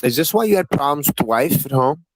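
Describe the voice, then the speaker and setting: A man hosting a live-stream panel in casual chat. He swears constantly and needles the other guests with rapid-fire questions. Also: on the high side, animated, no echo, low-quality recording.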